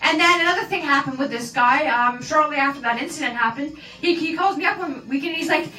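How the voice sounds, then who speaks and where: Woman radio cohost, lively storyteller, kinda far from the mic, echoey room. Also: high voice, fast talker. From Canada. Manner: animated storyteller, acts out quotes. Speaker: radio show co-host. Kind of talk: casual radio chat.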